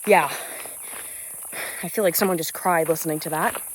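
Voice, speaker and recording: A woman's voice: fairly low pitch, steady tone, normal speed, a little hiss or hum. A woman giving an earnest, rambling motivational talk while hiking outdoors, slightly out of breath, recorded on a phone without a mic. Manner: earnest, uplifting, loose and rambling with fillers. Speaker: spiritual business coach. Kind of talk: unscripted motivational vlog on a walk. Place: outdoors on a hiking trail in nature. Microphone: phone without an external mic. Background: crickets and insects.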